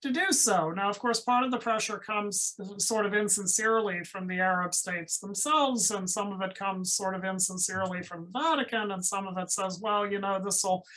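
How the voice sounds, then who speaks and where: A woman's voice: mid-range voice, normal speed, few pauses, fairly bright tone, poor audio. A woman moderating an academic webinar over a video call, speaking thoughtfully and at length with fillers.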